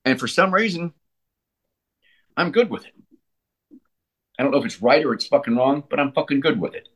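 A middle-aged man, a punk band frontman, talking bluntly and profanely in a casual interview, telling stories with animated emphasis. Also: mid-range voice, moderate pace, slightly rough.

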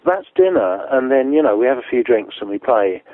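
Over phone-quality, dry-sounding audio, a man with a mid-range, creaky voice talks a little fast. He casually tells a long, profane story from tour, laughing often and acting out what other people said.

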